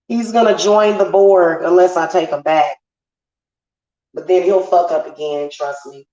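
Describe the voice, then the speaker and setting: A woman's voice: on the low side, dark tone. A woman hosting a casual witchy livestream, venting bluntly and profanely to her viewers. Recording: roomy, slightly dull home sound.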